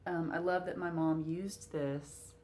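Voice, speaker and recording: A woman's voice: on the low side, steady tone, a little slow, dark tone. A woman vlogger chatting casually to camera at home, with many fillers and a touch of hiccups. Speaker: cross-stitch vlogger.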